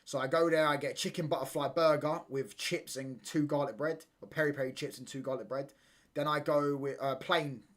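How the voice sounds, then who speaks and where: A young man chatting casually and slangily on a live football watchalong stream, sometimes getting loud when he rants. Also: medium pitch. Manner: casual slangy banter, repeats phrases, gets loud when ranting.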